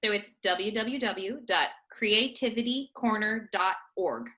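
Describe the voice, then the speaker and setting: A bright, chatty woman in her thirties talks about her children's theater work. Her voice stays clear and forward while she bounces through her points with frequent laughs. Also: mid-range voice, measured pace. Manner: chatty and animated, laughing often. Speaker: children's theater company guest. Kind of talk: casual remote interview chat.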